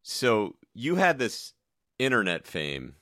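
A man with a bright, clear voice and a very expressive pitch asks questions while thinking them through aloud. The recording is dry, with no room sound. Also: slow pace, no echo. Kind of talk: casual interview.

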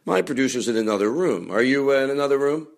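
A man at a middle pitch hosts a comedy podcast in a loose, rambling monologue. He swings into loud bursts of fake anger and swears freely, then drifts back into chatty asides full of filler words. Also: expressive, fast talker, gravelly. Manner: chatty, with many fillers and restarts. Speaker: podcast host.

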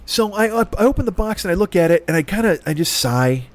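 Guy in his middle years ranting, swears a lot, highish voice, dead dry mic. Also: animated, fast, no room sound. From Chicago. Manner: profane, exasperated, acts out both sides of the argument. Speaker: podcast host. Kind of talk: ranting storytelling.

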